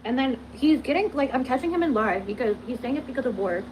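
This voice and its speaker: A woman's voice: sits high, lively intonation, quick pace. A young woman recounting a text exchange in casual, exasperated storytelling. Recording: noisy background in the clip.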